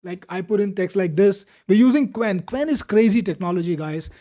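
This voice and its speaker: Indian-accented male webinar host, salesy and chatty, higher mellow voice, lo-fi sound. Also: brisk. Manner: chatty salesman, answers viewers by name. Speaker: webinar host demoing software. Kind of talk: live webinar product demo. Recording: dull lo-fi webinar audio.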